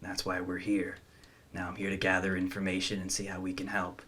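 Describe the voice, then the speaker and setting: Brief: low but bright-toned male player, casual in-character chat. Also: completely flat delivery, fairly quick, a little hiss or hum. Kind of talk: playing a tabletop game.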